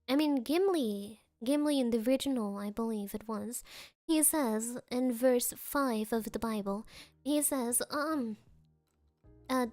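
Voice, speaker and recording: A woman's voice: on the high side, measured pace, darkish tone, no echo, soft background music. A woman streamer in casual chat, rambling through sarcastic rants and laughing often.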